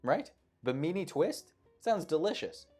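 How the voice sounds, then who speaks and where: A man hosting a live trivia show. He reads each question and then riffs on it with playful, jokey asides, and his pitch swings widely as he talks. Faint background music plays under his voice. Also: expressive, unhurried, warm tone, slightly rough. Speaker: quiz show host.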